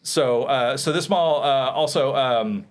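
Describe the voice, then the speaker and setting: A man's voice: medium pitch, slow. A man hosting a casual comedy panel, rambling and joking as he leads the talk with questions. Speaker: host.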